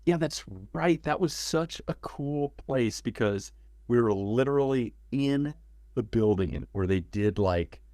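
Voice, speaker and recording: A man as an interview guest, telling stories in a casual, animated way, acting out quotes and swearing freely. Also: medium pitch, unhurried, no room sound, clean studio sound. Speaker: interview guest, former game cinematics director.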